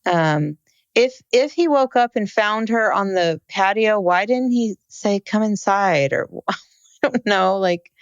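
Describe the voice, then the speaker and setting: A woman co-hosting a podcast, chatting in a relaxed, conversational way. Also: mid-range voice, slow pace, clean tone, no room sound, dull audio. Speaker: podcast co-host. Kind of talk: casual chat.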